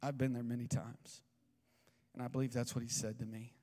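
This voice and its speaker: Emphatic preacher in an echoey hall. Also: male voice, mid-range voice, flat delivery, brisk, dark tone. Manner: emphatic, asks the congregation to repeat lines. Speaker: pastor. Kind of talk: sermon. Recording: echoey hall with long reverb.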